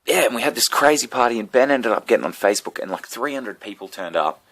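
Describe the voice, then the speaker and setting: An Australian comedian vlogger tells a rambling, profane story straight to camera, dropping self-mocking asides along the way. He talks fast and animatedly in a mid-range, fairly bright voice, in a casual monologue.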